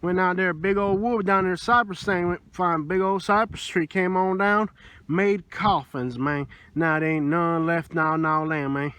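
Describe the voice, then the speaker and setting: A man's voice: high-pitched, unhurried, fairly bright tone, a little hiss or hum. A man with a Southern US accent voicing a rambling, mumbling old Southern swamp man. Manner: rambling, trailing half-sentences ending in "man".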